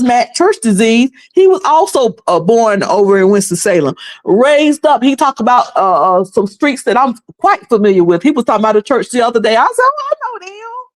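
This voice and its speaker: A woman's voice: mid-range voice, darkish tone. A woman. She is chatty and loose, laughs often and restarts her sentences as she goes. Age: 50s. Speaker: commentary channel host. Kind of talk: casual commentary.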